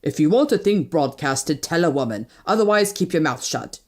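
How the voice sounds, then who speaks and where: A woman's voice: sits low, lively intonation, moderate pace, darkish tone, pitched below the performer's own voice. A woman reading an audiobook, voicing a defiant wounded young man who speaks coldly and scornfully. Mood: curt. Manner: cold, clipped and scornful.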